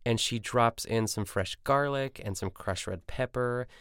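A man's voice: medium pitch, a little slow, fairly bright tone, clear, resonant tone, no room sound, studio quality. A man hosting a podcast, recapping a cooking show in a casual, rambling way with lots of asides and self-corrections. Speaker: podcast host.

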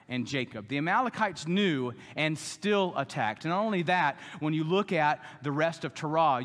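A man's voice: a little high, fairly bright tone. A man preaching a sermon with emphatic delivery, now and then voicing the people in the story. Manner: emphatic preaching, voices the grumbling Israelites. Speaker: pastor. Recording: long hall reverb.

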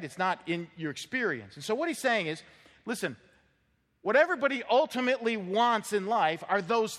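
A man preaching a sermon as pastor, animated, acting out quoted voices and repeating words as he builds up. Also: sits high. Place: church sanctuary. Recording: long reverb of a church hall.

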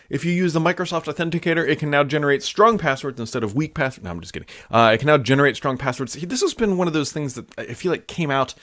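Man, tech news host, casual offhand delivery, mid-pitched voice, dry close sound. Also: no echo. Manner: chatty and offhand, with fillers and asides. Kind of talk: casual solo news commentary.

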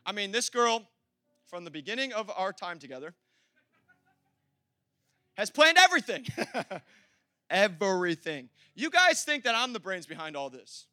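A man preaching a sermon in an energetic, conversational way, laughing and repeating himself as he talks to the congregation. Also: high voice, unhurried, long pauses, dry recording. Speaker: pastor.

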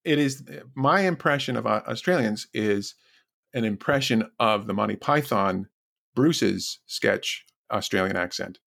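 Gravelly-voiced male podcast host. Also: fairly low pitch, expressive, unhurried, fairly bright tone. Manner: hesitant, many fillers. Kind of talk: casual interview.

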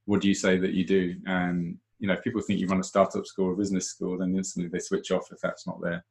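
A man co-hosting a live webinar, talking in a reflective, low-key way in a casual discussion. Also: completely flat delivery, fast talker, vocal fry, slightly rough.

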